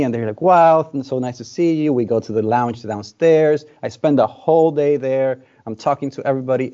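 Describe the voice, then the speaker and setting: A young man with a mellow, warm tone tells rambling stories in a casual chat. He often stops and restarts his sentences. The recording sounds a little dull. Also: medium pitch. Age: young adult.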